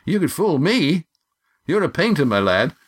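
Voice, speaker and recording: A man's voice: on the high side, very animated, moderate pace, slightly rough, voice pushed up. A man voicing a proud, dignified middle-aged painter who talks heartily, in a storybook reading. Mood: hearty.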